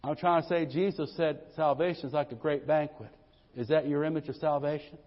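A man's voice: fairly high pitch, steady tone, brisk. A middle-aged man, preaching a folksy, humorous sermon full of "amen"s. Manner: folksy, exclaims amen often, storytelling with humor. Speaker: pastor. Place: church sanctuary. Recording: dull lo-fi church recording with long reverb.

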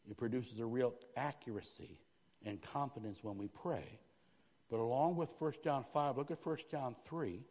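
A male pastor preaching a sermon with fervor, dropping to a hush and then rising to shouts, and calling out "Amen?" to his congregation. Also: a little high, big-room sound. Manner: fervent, swinging from hushed to shouting. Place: church sanctuary.

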